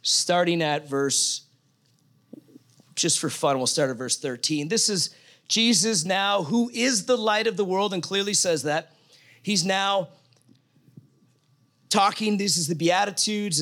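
A man with a high voice preaches a sermon. He reads scripture aloud and talks to the congregation in a conversational, emphatic way. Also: a bit bright.

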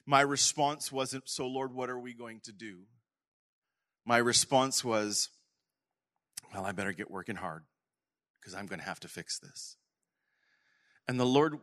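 A middle-aged male pastor preaching a sermon earnestly to his congregation, sometimes falling to a soft whisper. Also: medium pitch. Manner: earnest, drops to soft whispers when quoting God.

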